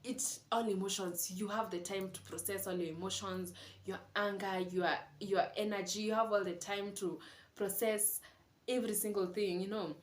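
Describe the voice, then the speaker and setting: A woman's voice: medium pitch, steady tone, normal speed. Candid young woman vlogging. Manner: candid, confiding, mixes in Swahili words. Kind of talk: casual reflective monologue. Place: room at home. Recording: echoey room with faint ambient noise.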